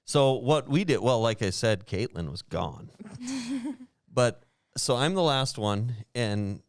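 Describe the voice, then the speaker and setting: A man hosting a podcast, telling a travel story in a lively way, acting out what others said and laughing often. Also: medium pitch, takes it slowly, no room sound, clean studio sound. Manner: animated, acts out quoted voices, laughs often. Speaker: podcast host. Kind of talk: casual storytelling.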